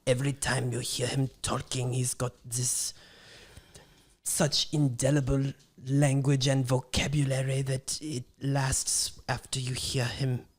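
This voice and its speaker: A podcast host doing an old German man, German accent, slow, solemn, low. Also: level tone, husky. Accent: German, put on. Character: impression of an old German man's iconic voice. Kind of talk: podcast impression.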